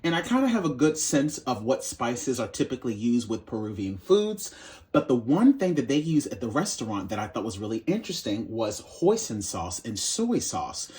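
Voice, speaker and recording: A man's voice: medium pitch, sing-song, moderate pace, a little mellow. A man hosting his cooking channel, walking through a recipe in a casual, sassy, playful way and calling viewers baby and honey.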